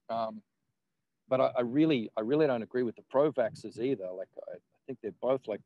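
A man's voice: mid-range voice, noisy background. A man, a guest in casual conversation, rambling with laughs and the odd swear word.

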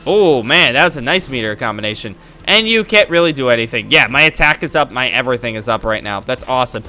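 Excitable man with a bright, lively voice. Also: mid-range voice, quick pace, faint music behind. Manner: excitable and goofy, reacting loudly to the game. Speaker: gaming YouTuber. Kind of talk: casual let's-play commentary.

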